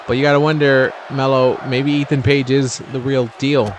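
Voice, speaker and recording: A man's voice: moderate pace, hardly any pauses, slight background noise. A man giving chatty, casual play-by-play commentary on a video game wrestling match, his voice jumping up at big moves. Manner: chatty, excitable, jumps in pitch at big moves.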